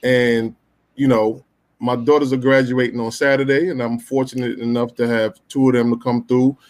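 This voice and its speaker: A man in his forties on a casual podcast, telling a story in a warm, slangy way. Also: medium pitch, level tone, moderate pace. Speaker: podcast co-host. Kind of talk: casual chat among friends.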